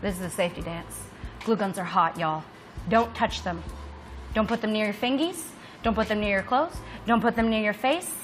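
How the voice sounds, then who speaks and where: A woman hosting a studio craft show, playful and giggly in quick banter. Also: mid-range voice, soft background music. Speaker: host.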